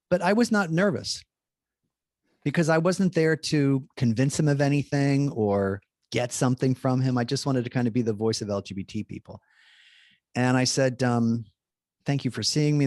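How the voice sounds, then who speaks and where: Male priest, storyteller, middle pitch, chatty with lots of restarts, acts out quotes; dry close recording. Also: darkish tone, dry recording. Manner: chatty, many fillers and restarts, acts out dialogue. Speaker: Jesuit priest, guest speaker. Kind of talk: animated anecdote telling.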